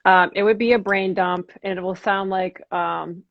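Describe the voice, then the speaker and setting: A woman's voice: mid-range voice, steady tone, moderate pace, creaky, dry recording. A woman movement coach in a casual chat, frank and self-deprecating. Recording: dull dry lo-fi audio.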